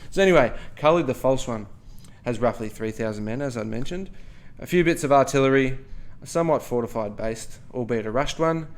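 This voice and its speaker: A man's voice: mid-range voice, a little fast, hardly any pauses. A man co-hosting a history podcast, telling the story in a playful, joking way with lots of asides. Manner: playful, jokey asides, frequent "okay?". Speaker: podcast co-host.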